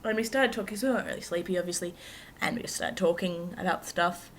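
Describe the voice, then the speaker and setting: A woman's voice: lowish voice, quick pace. A young woman vlogger telling a personal story to camera in a chatty, rambling, self-mocking way with lots of asides.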